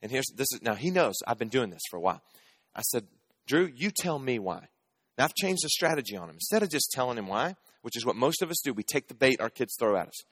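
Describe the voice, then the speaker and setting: A man's voice: mid-range voice, very animated, quick pace, a bit bright, husky, no echo. A man in his thirties preaching a sermon, telling family stories in a conversational, humorous way and asking the audience questions. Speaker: pastor.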